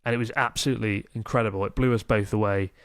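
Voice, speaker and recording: A man's voice: on the low side, fairly even intonation, racing, smooth, no room sound, clean studio sound. A man co-hosting a casual podcast, reading out listener emails and chatting enthusiastically, swearing casually now and then.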